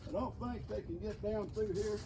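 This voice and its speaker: Gravelly older man chatting outdoors. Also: high voice, moderate pace, noisy background. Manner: folksy and chatty, chuckles often. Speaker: farmer and video host. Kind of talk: casual vlog narration while working. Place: outdoors by a creek on a farm.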